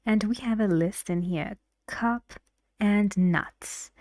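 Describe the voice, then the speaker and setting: An English teacher slowly and carefully explains pronunciation in a language lesson, often slipping into soft, half-whispered phrases. Her mid-range voice is captured in a dry recording.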